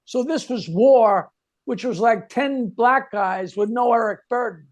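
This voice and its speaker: A man's voice: very high-pitched, unhurried. An older man, a comedian, tells a wry story about an early gig. His voice sits in an ordinary middle register. He tells it in a loose, rambling way. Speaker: comedian guest. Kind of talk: casual storytelling.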